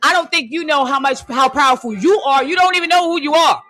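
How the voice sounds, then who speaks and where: A livestream host ranting emphatically, often repeating "excuse me" and "hold on", swinging between loud and hushed and drawing out key phrases into a phone. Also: sits high, quick pace, soft background music. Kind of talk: conspiracy rant on a live stream.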